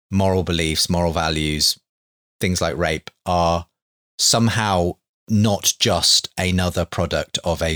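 Very low-voiced man telling a story. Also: bright, forceful tone, dry recording, studio quality. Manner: earnest, hedging with many fillers. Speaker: host of a faith debate show, author. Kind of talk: anecdotal conversational storytelling.

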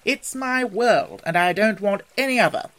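Reader doing a chilled-out storybook water rat, dreamy and chatty about his river, middle-pitched voice. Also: lively intonation, normal speed, fairly bright tone, close to an everyday voice. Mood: expansive. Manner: dreamy, enthusiastic, expansive. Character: genial, leisurely river-loving male water rat. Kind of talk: storybook reading.

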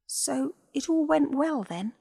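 A woman voicing a shy, eager spider monkey who helps a vet, in a storybook reading, speaking softly and modestly. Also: high voice, lively intonation, slow pace, gravelly, pitched above the performer's own voice, full character voice. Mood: earnest.

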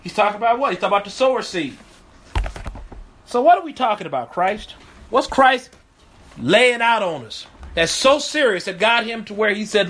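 High-voiced earnest male pastor. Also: animated, normal speed, pushed and bright. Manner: earnest, emphatic, repeats key phrases. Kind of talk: video Bible teaching.

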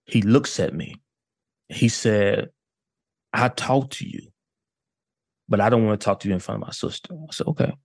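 A man's voice: lowish voice, fairly quick, vocal fry, husky, dry recording, studio quality. A man, a detective, telling a case story in a casual way and acting out what people said. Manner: animated retelling with quoted dialogue. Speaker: detective guest.

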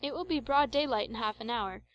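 A woman reading the part of a calm, good-humoured young man who leads his companions, speaking softly and easily. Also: fairly high pitch, fairly quick, highs cut off, lightly acted. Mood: amused.

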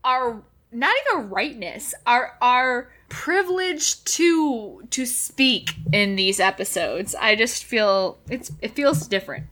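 A woman's voice: a little high, animated, takes it slowly, pushed and bright. A woman co-hosting a podcast, joking around and rambling with restarts. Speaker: podcast co-host. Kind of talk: casual chat.

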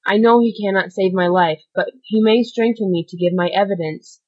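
A woman's voice: medium pitch, normal speed, lo-fi sound, natural voice. A woman reading aloud, voicing a wounded dying man who pleads frantically for help. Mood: pleading. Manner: frantic, gasping pleas.

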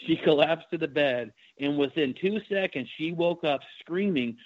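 A man's voice: a little high, moderate pace. A man who works as a paranormal investigator, telling his story in a casual interview with lots of fillers and restarts. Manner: rambling, many fillers and restarts. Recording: dry, slightly muffled recording.

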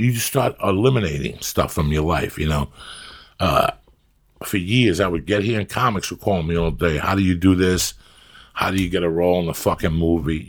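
A middle-aged man, his voice deep and gravelly with a husky edge. He swears constantly and rambles bluntly from one story to the next in loose, casual podcast talk. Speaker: podcast guest, actor and comic. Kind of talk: casual chat.

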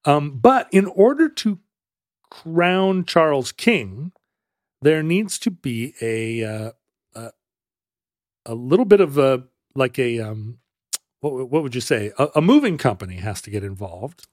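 A man co-hosting a podcast in casual chat, halting and searching for words at times, with a playful streak. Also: medium pitch, sing-song, a little mellow, no echo, studio quality. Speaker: podcast co-host.

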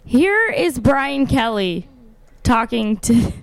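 A woman's voice: on the high side, sing-song, slow, vocal fry, dry recording. A woman hosting a sports radio show, teasing her co-hosts and reading live promos. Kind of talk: casual sports talk.

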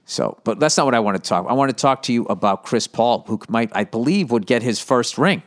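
A man in his fifties talks alone into a podcast mic at an ordinary pitch. He rambles from story to story, cursing freely. His delivery is animated and full of side remarks. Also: brisk. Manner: profane, animated storytelling with asides. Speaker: podcast host. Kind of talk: rambling solo comedy podcast.

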